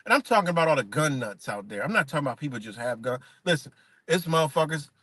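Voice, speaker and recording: A man's voice: on the high side, lively intonation, fast, bright, forceful tone, no room sound. A man ranting on a live stream, heated and profane, firing off rhetorical questions. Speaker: livestreamer. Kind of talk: unscripted live-stream rant.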